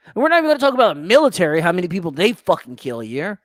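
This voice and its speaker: A man's voice: sits high, rapid-fire, dry recording, studio quality. A man hosting a livestream talk show, ranting casually and profanely while answering viewer comments. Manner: profane, animated rant.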